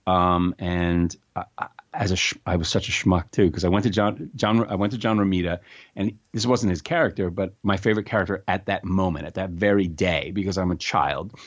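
A middle-aged man with a lowish voice tells stories in an animated, fast-moving way, restarting his sentences as he goes. The audio is dull and a little lo-fi. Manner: animated, quick anecdotes with restarts. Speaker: actor guest. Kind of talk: casual interview storytelling.

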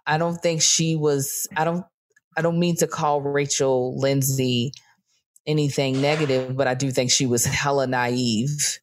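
A woman's voice: extremely low pitch, flat delivery, unhurried. A woman co-hosting a podcast, recapping a reality dating show in casual, profane chat with mocking impressions. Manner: chatty, swears freely, slips into mocking impressions. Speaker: podcast co-host.

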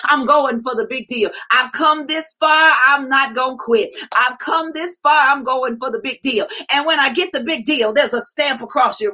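High-voiced fervent woman preacher. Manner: fervent, repetitive, with bursts of shouting. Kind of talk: impassioned prophetic preaching.

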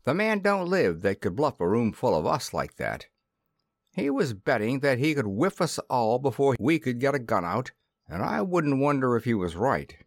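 A man voicing a rough male henchman in an audiobook, talking gruffly in slang. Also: medium pitch, sing-song, moderate pace, no echo, studio quality. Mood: gruff report.

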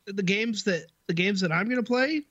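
A man's voice: high voice, moderate pace, a bit bright, dry recording, muffled recording. A man in a casual podcast chat, reasoning aloud in a matter-of-fact way.

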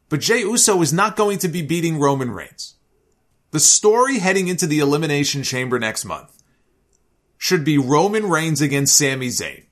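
A man recapping and giving opinions on a wrestling show in a casual, animated storytelling way, sometimes acting out what others said. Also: a little high. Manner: animated storytelling, acts out quoted lines. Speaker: wrestling commentator.

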